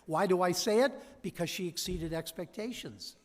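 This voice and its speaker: A man with a high voice speaks at normal speed, delivering a convocation address as an honorary doctorate recipient in a large hall. He tells motivational anecdotes energetically, acting out quoted dialogue. The PA leaves a long hall reverb on the recording.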